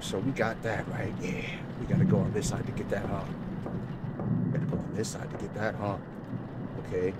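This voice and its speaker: A man's voice: fairly low pitch, level tone, fairly quick, very noisy. A man playing a horror game on his channel, rambling nervously, repeating himself and talking to viewers as bro and y'all; he is scared and sweating. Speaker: gaming let's-play host. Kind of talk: horror game let's play commentary. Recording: loud game music behind.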